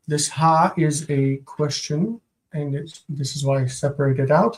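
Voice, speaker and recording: Slow, deliberate Hebrew teacher. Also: medium pitch, fairly even intonation, poor audio. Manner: slow, deliberate phrase-by-phrase translating with self-corrections. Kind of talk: live-streamed homework review.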